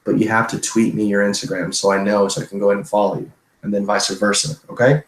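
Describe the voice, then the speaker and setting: A man's voice: lowish voice, flat delivery, fast talker, roomy sound, poor audio. A man streamer answering viewer questions in a loose, profane, chatty way. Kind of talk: casual livestream Q&A.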